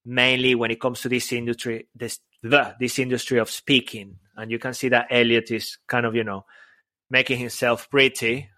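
A man's voice: mid-range voice, little pitch movement, normal speed, sharp tone, no echo. Playful male podcast co-host, dry sound. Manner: playful, laughs often, repeats words. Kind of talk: casual podcast banter.

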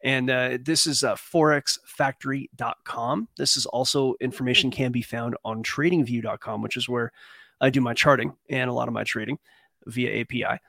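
A man's voice: mid-range voice, moderate pace, creaky, no echo. Chill guy host rambling about market data, dry close mic. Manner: relaxed, rambling with fillers. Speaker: trading show host. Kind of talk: casual chat.

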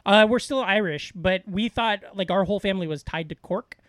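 American man, a touch high, joking. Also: brisk, no room sound, studio quality. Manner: rambling, joking, loose. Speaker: comedian guest. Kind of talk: casual podcast chat.

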